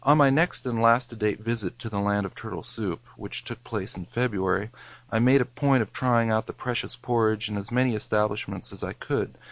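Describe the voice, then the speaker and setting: A man's voice: lowish voice, dry recording, low-quality recording. A man reading a scripted, wry food memoir, his wording mock-grand. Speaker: narrator.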